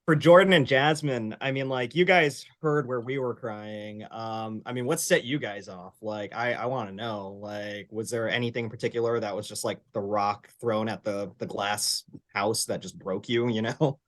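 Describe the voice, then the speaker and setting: A man hosting a casual review chat, emotional and quick to laugh. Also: on the low side, steady tone, fairly bright tone. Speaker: host.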